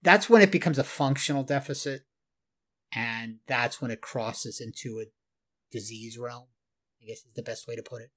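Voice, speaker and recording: A man's voice: mid-range voice, moderate pace, fairly bright tone. Man explaining things on a podcast. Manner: explanatory, retells clips in detail, laughs at himself. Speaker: podcast co-host. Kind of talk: casual podcast discussion.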